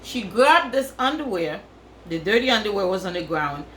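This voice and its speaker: A woman's voice: medium pitch, big pitch swings, moderate pace, a bit bright, reverberant, slight background noise, poor audio. A woman from Africa, telling a crude story in a casual vlog and repeating phrases for effect. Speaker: vlogger.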